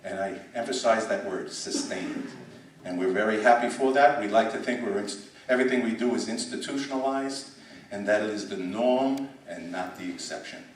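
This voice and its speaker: A man's voice: fairly low pitch, fairly quick, slight background noise. A middle-aged man from the United States, a school superintendent giving an emphatic conference speech with repeats and restarts, in a conference room. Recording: echoey hall, speaker far from mic.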